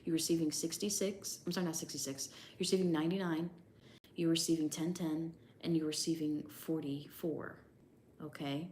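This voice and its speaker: A woman's voice: low-pitched, steady tone, moderate pace, darkish tone, slight background noise. A woman giving a casual tarot reading, hedging often and reading number meanings aloud from her tablet. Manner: hedging, repeats "I don't know" and "I'm getting that vibe"; reads definitions aloud from a tablet. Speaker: tarot reader.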